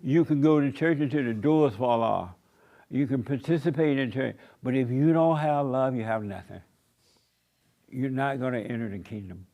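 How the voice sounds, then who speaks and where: A man's voice: mid-range voice, moderate pace, highs cut off. A man preaching a sermon in an emphatic, repetitive cadence with folksy turns of phrase. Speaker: pastor.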